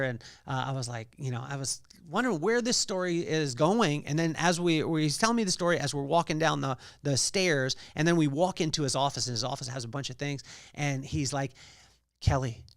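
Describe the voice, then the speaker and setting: A man's voice: on the high side, no echo, clean studio sound. A man hosting a solo podcast, telling a story with energy and acting out the quotes in other voices. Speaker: podcast host.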